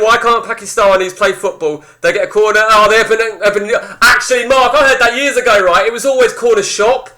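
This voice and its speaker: Bloke with a high bright voice ranting to his stream chat, sweary, rambles on. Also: steady tone, brisk, few pauses. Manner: rambling, blunt and heavily sweary. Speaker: game streamer chatting with viewers. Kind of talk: casual live-stream banter. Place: indoors at home.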